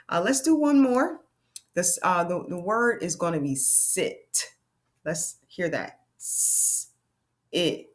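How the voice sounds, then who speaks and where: A woman teaching a children's phonics lesson, slowly sounding out letters and cheering her young learners on. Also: lowish voice, fairly bright tone.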